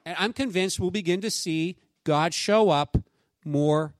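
A man's voice: high voice, unhurried, dry recording. A man preaching a sermon, reading a scripture passage aloud and then talking it over with his listeners in an emphatic, conversational way. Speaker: pastor.

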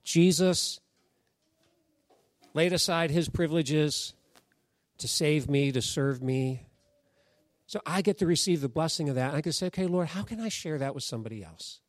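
A male pastor delivering a casual, story-filled sermon, his voice sitting a little higher than most men's. The sound is dry and close, with almost no room around it, and he slips into the voices of the people in his stories as he goes. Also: moderate pace, pauses often, no echo. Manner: conversational storytelling, acts out quoted voices. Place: church sanctuary.

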